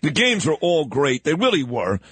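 A man's voice: a little high, sing-song, normal speed, a bit bright, breathy edge. A man hosting a morning radio talk show, chatting casually, joking and talking sports. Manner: chatty, joking, coughing at times.

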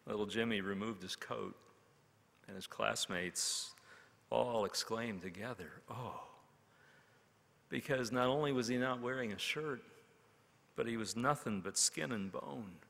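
A man preaching a sermon, telling a story in a slow, dramatic way with long pauses. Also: on the low side, gravelly, a bit bright. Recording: long hall reverb.

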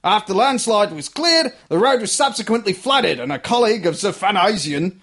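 A man's voice: high-pitched, sing-song, a little fast, a bit bright, slightly rough, full character voice. A man reading out a news article in a put-on Australian accent as a sarcastic newsreader, laughing between sentences and stumbling over names. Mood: mock-serious. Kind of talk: comic read-aloud of a news article.

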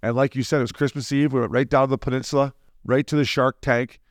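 A man in his forties, a former hockey player co-hosting a podcast, telling stories in a lively, casual way and acting out quotes. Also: medium pitch, dry recording, studio quality. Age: 40s. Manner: fast, animated storyteller who acts out quotes. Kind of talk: casual storytelling chat.

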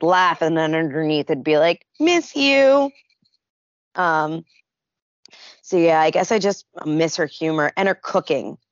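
A woman sharing fond memories of a late friend, an animated storyteller who acts out quotes. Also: lowish voice, no echo, dull audio. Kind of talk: casual memorial remembrance.

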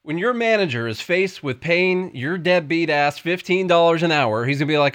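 A man's voice: a little high, animated, normal speed, few pauses, a bit bright, clear, resonant tone, no echo, studio quality. A man with a Tennessee accent, co-hosting a casual podcast and reading an ad in a folksy, joking way. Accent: Southern US (Tennessee). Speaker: podcast co-host. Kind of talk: casual chat and ad read.

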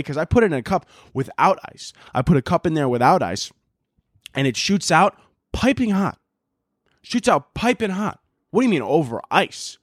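A man's voice: a little high, no echo, studio quality. Profane, rambling young man ranting. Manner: profane, rambling, sarcastic, jumps between topics. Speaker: podcast host. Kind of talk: casual solo podcast rant.

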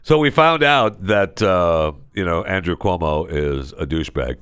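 A man hosting a talk show, ranting in a sarcastic, casual way with big swings in pitch. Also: expressive, measured pace, a bit bright, clean tone, dry recording, studio quality. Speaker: radio show host. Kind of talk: casual opinion monologue.

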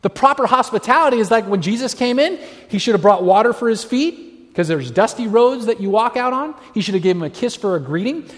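A man's voice: high-pitched, lively intonation, fairly quick. A man preaching a sermon, telling stories animatedly and acting out the voices of people he quotes. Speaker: pastor. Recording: long hall reverb.

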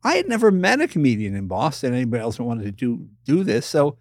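Older man, animated interview storyteller, lively swooping pitch, dry close sound. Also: fast talker, no echo. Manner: animated storyteller acting out voices. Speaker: guest.

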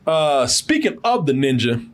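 A man's voice: mid-range voice, unhurried. A man co-hosting a casual movie review podcast, talking loosely, laughing often and putting on voices for the characters. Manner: animated, laughs a lot, does mocking voices of characters. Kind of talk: casual profane chat.

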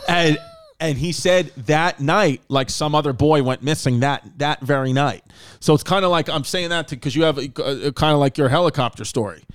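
A man's voice: on the high side, a little fast, clean tone, no room sound. A man in casual podcast chat, telling a long story with many fillers and restarts. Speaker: podcast host.

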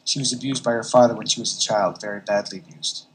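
A man's voice: on the low side, steady tone, quick pace, breathy edge, poor audio. A man doing a stern, lecturing doctor.

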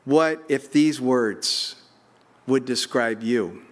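A man preaching a sermon as a pastor, slowing down and pausing for emphasis and building to emphatic peaks. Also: on the high side, fairly bright tone.

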